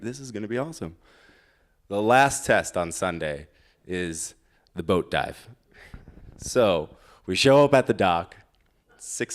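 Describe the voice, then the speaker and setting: A man with a lowish voice recounts a personal story at a live storytelling night. He talks in an easy, conversational way, with dry, self-deprecating humor.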